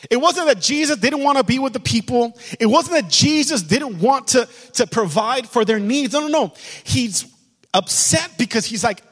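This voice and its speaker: A man pastor delivers an impassioned sermon in a high, lifted voice. He drives his points home by saying them again and again. His voice carries a long reverb from the church hall. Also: very animated, normal speed, a bit bright, breathy edge. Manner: impassioned preaching, repeats lines for emphasis. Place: church sanctuary.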